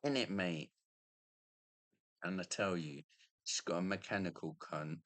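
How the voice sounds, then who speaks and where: A man's voice: sits low, measured pace, fairly bright tone, no room sound. A middle-aged man, ranting in a rambling, profane monologue and tacking on "mate" again and again.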